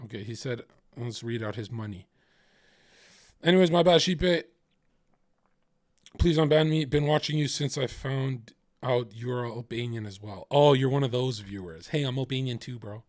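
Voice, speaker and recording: A man's voice: medium pitch, moderate pace, long pauses, a little mellow, no room sound, studio quality. A man livestreaming, ranting casually in a heated, profane, rambling way.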